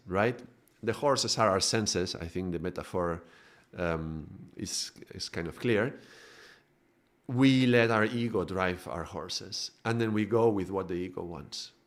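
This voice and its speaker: Chatty man teaching with tag questions. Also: on the low side. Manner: conversational, restarts, frequent tag questions. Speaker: spiritual teacher. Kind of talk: informal spiritual lesson.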